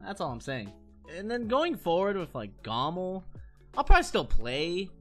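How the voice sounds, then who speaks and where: A man's voice: sits high, wildly swooping pitch, fairly bright tone, faint music behind. A man in his thirties ranting heatedly in casual chat on his stream, swearing often and restarting his sentences. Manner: heated, profane, fast rambling with many restarts.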